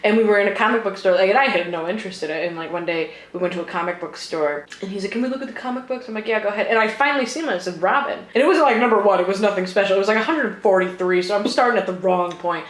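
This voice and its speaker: Racing along with few pauses in a medium-pitched voice, a thirtysomething woman co-hosts a casual podcast, chatting, laughing and swearing heavily. The recording has an echoey room sound and faint noise.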